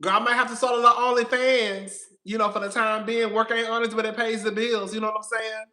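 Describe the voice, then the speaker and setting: A man's voice: high voice, flat delivery, quick pace, pushed and bright. A man hosting a casual live stream, talking straight to his viewers in a sassy, profane, long-winded way. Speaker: host of a reality TV commentary channel.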